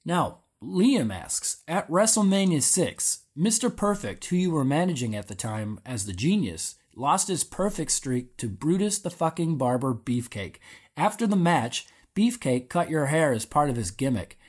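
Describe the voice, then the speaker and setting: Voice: medium pitch, sing-song, unhurried, slightly rough. An interview host asking eager, lengthy questions and reading fan questions aloud.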